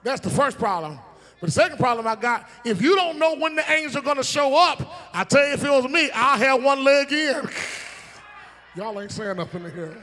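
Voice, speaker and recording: A male pastor with a high, bright voice and lively intonation shouts a sermon in a church sanctuary, where a long hall reverb hangs on the sound. He preaches call-and-response, teasing the congregation with drawn-out, emphatic phrasing and sudden shouts.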